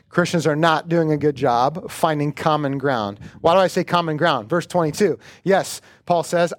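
A male pastor with a noticeably high voice delivers a sermon that moves between prayer and storytelling. He speaks earnestly and conversationally, like he's talking with his congregation. The sound is close and dry. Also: no room sound.

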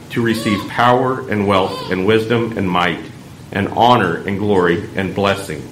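A man reading scripture aloud in church, measured and solemn. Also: on the low side. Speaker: lector. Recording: echoey church room, faint background hum.

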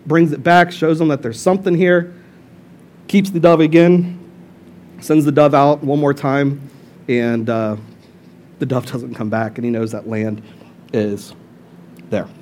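A young adult man giving a casual, humorous sermon as lead pastor, retelling the story with lively asides. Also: unhurried, pauses often, a little hiss or hum. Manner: animated storyteller who jumps into high-pitched voices for characters.

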